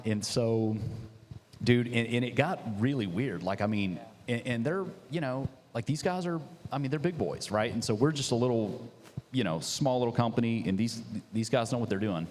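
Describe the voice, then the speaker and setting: A man, a business founder, telling his story in a casual, animated way full of "dude" and "like". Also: mid-range voice, in a large hall, a little hiss or hum.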